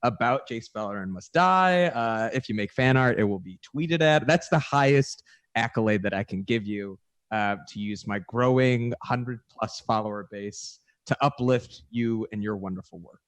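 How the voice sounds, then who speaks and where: A man's voice: mid-range voice, normal speed, no room sound. Wry, joking man comedian player. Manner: wry, joking, deadpan asides. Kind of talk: casual podcast chat.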